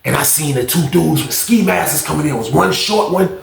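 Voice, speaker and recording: Gravelly man telling a prison story. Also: on the high side, brisk, crowd noise. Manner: animated, profane, talks straight to viewers. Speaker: storyteller, channel host. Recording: roomy echo.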